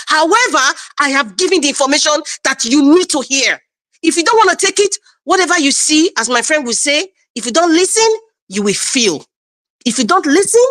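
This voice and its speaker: A Nigerian woman giving emotional, forceful political commentary, full of rhetorical questions and repetition. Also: sits high, dry recording. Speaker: panel commentator.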